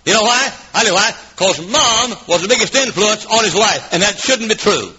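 A man preaching a fiery revival sermon in a church, swinging from shouts to hushed asides and coughing now and then. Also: high-pitched, expressive, fairly quick. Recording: dull lo-fi old recording.

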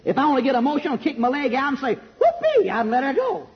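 A man preaching a fiery old-fashioned sermon in a large church, shouting some lines and dropping low on others. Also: very fast. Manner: shouting emphatic preaching, swinging loud and soft. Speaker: pastor. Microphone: handheld microphone. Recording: dull lo-fi sermon recording.

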